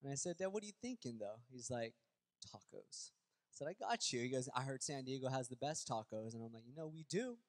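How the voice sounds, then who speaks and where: A man pastor who prays quietly, then tells a story and preaches with growing force. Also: medium pitch, animated, quick pace, big-room sound. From Southern California. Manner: storytelling, acts out dialogue. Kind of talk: sermon.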